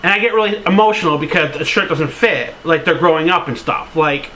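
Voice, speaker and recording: High, bright-voiced rambling male vlogger. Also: a little fast, rough recording. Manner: rambling, heavy on "like" fillers, casual swearing; open, sentimental storytelling. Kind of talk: casual to-camera vlog.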